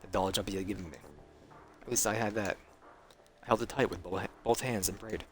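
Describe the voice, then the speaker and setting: A man's voice: on the low side, a little fast, background noise. A male streamer reading a story game aloud in earnest, with small slips he corrects as he goes.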